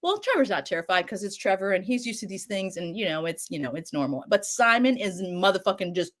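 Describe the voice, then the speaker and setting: A woman co-hosting, recapping a show in a casual, animated way, swearing and acting out lines. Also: mid-range voice, brisk. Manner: animated, swears a lot, acts out quotes. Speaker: show co-host recapping a series.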